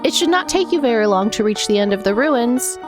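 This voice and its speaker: A soft-spoken motherly queen, voiced by a woman reading game lines, formal and tender, with unhurried phrasing. Her voice sits fairly high, and game music plays behind her. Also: lively intonation, close to an everyday voice. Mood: kindly. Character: gentle motherly female goat queen, sorrowful. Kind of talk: reading game dialogue aloud.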